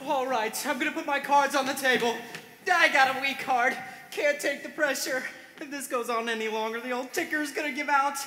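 A young actress plays a brash, jittery producer who blurts out his worries. The voice is high and bright. It rings through an echoing theatre over a faint room hum. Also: fairly even intonation. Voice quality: brash, fast-talking. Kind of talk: stage musical acting. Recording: echoey theatre hall.

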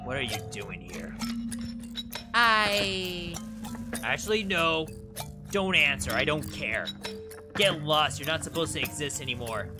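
Slow-talking man streaming a game. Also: a little high, music in the background. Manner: swears freely, excitable reactions. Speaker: VTuber streamer. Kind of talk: casual gaming commentary, reading game text aloud.

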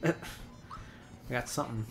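A man hosting a let's play, calmly explaining his moves as he plays. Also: unhurried, faint music behind. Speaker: host playing a video game.

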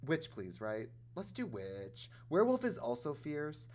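A man hosting a casual gaming livestream, chatty and animated, talking straight to his chat in a campy, playful way. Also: on the high side, measured pace. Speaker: livestream host playing a life-sim game.

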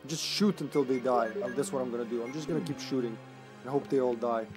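Guy streaming a game, regular pitch, goofy and laughy, gets hyped fast, a bit of game music behind. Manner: playful, jokey, laughs often, bursts of excitement. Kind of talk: casual let's-play commentary.

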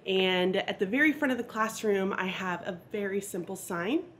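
A woman's voice: medium pitch, a bit bright, slight background noise. Chatty, nervous-sounding teacher woman. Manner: quick, chatty and upbeat, a little nervous. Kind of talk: casual vlog chat. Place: her classroom.

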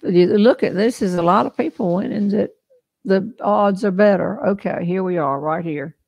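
A woman's voice: mid-range voice, normal speed, creaky, a little mellow. An older woman with a Southern US accent hosting a casual live-stream chat, folksy and chatty, laughing often. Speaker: host.

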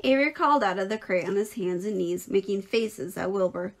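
A woman teacher reading a children's novel aloud in a clear, expressive storytelling voice. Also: mid-range voice, a little fast.

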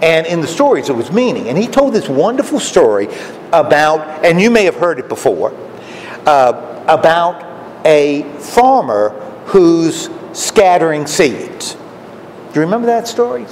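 High, lively man preaching in a hall. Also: unhurried. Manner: folksy, keeps asking the audience questions. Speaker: lay preacher. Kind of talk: conversational sermon. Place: common room of a retirement home. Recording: echoey hall with faint background noise.

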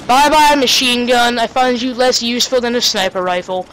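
A woman's voice: on the high side, brisk, hardly any pauses, fairly bright tone, slight background noise, poor audio. A woman giving casual, sarcastic commentary while playing a video game, joking and talking back to the characters on screen. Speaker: let's play commentator.

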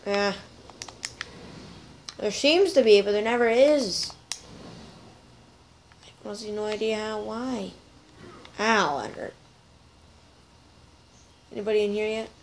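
A woman's voice: medium pitch, takes it slowly, long pauses, a little hiss or hum, rough recording. A woman hosting a gameplay video, chatting playfully to her viewers as she plays. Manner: chatty, playful, talks to viewers while playing. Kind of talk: casual gameplay commentary.

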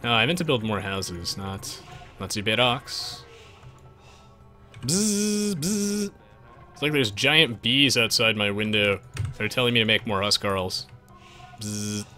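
Casting: male game streamer, playful and chatty, bright forward tone, soft music behind. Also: lowish voice, moderate pace. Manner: playful, jokey, bursts into silly voices. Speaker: gaming streamer. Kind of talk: live stream game commentary.

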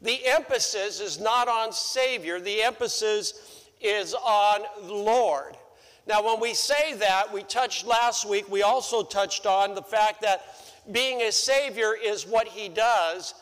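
A man's voice: high voice, takes it slowly, a bit bright. A male pastor preaching a sermon in a church, repeating phrases for emphasis. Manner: repeats phrases for emphasis, rises sharply when acting out quotes. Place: church sanctuary. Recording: long church-hall reverb.

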